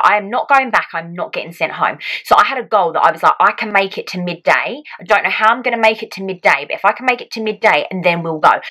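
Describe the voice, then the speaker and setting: Bright-voiced young woman telling a story. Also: mid-range voice, low-quality recording. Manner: chatty, animated, acts out quotes. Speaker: vlogger. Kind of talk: casual storytelling to camera. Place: home.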